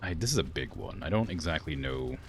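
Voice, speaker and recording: A man's voice: very deep voice, very animated, brisk, vocal fry, slight background noise. A man streaming a game in casual chat, rambling through viewer questions with lots of "like" fillers. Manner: rambling, heavy use of "like" fillers; answers viewer questions while playing.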